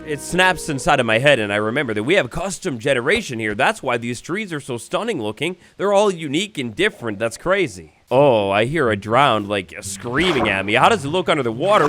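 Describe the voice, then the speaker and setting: A young man giving excited blind-reaction commentary on a video game, swinging between hushed awe and loud exclamations. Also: medium pitch, brisk, few pauses, music in the background. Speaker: gaming YouTuber.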